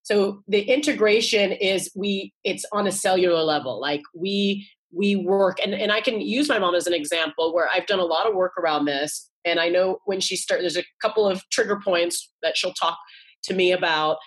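A woman's voice: fairly low pitch, normal speed, breathy edge. A woman in her forties, a guest author, talking earnestly in a casual interview and often restarting and repeating her words. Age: 40s.

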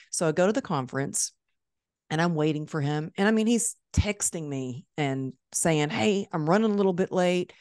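With a low voice and a moderate pace, a female podcast host animatedly narrates a story during a conversational interview, performing the quoted voices. The sound is clean studio quality, without any room sound.

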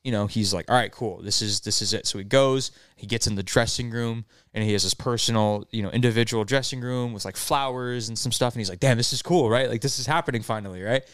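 A man's voice: medium pitch, quick pace, few pauses, clear, resonant tone, no room sound, clean studio sound. A young man, podcast host, telling a story in casual chat and acting out the characters' lines. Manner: animated, acts out the characters' lines.

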